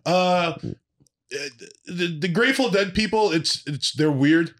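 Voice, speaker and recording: A man's voice: sits high, takes it slowly. A man chatting casually on a podcast, telling a story with plenty of swearing and acting out the people he quotes. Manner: animated storyteller, acts out quoted voices, swears freely. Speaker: podcast guest. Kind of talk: casual chat.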